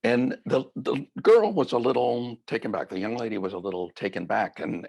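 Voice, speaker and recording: Deep gravelly slow-talking male meditation guide. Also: animated, highs cut off. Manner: slow, reflective, gently conversational. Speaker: mindfulness teacher. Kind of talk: guided mindfulness talk.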